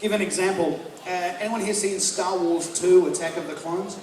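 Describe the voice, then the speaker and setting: A man's voice: high-pitched, moderate pace, darkish tone. A man doing a brash, swearing stand-up comedy set with mocking impressions. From North America. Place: live comedy venue with audience. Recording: echoey live room, crowd noise, distant mic. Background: crowd laughter.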